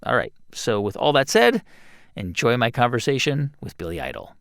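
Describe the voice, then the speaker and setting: A man's voice: medium pitch, moderate pace, creaky. A man hosting an interview podcast, reading a polished scripted intro and then asking questions. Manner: animated, polished delivery. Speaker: podcast host.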